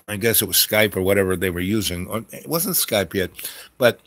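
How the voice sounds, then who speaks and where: A man hosting his own channel, telling a long story in a meandering way with lots of fillers and restarts and frequent throat clearing. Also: sits low, fairly quick, fairly bright tone. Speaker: channel host. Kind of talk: rambling storytelling monologue.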